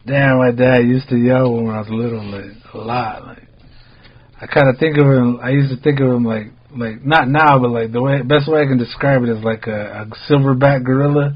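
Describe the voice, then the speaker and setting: A man's voice: mid-range voice, steady tone, moderate pace, slightly rough, muffled recording. An American man hosting a podcast, telling a rambling story in casual chat, full of "like" fillers and swearing. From United States. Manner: laid-back, rambling, heavy on "like" fillers and swearing. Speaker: podcast host.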